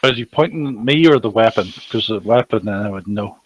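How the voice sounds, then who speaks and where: A man playing in a tabletop game, describing his character in a wry, deadpan way. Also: lowish voice, fairly quick, poor audio. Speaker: player. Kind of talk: casual chat at a game table.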